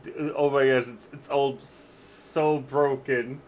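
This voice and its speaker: A male game streamer talks through his live gameplay at an unhurried pace. He is exasperated and swears often, with bursts of laughter between complaints. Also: mid-range voice, fairly even intonation, slight background noise.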